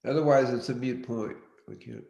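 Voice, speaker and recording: A man leading an online workshop, speaking in a deliberate, directive way and often repeating his key points. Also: medium pitch, steady tone, creaky, warm tone, highs cut off. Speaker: workshop teacher. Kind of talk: live online teaching session. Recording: roomy echo.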